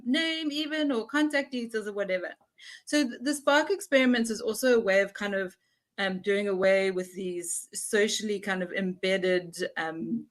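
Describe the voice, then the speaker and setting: Young woman facilitator, chatty and lively, mimics dialogue as she explains. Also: medium pitch. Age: young adult. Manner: animated, acts out little dialogues. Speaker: workshop facilitator. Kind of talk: conversational explaining.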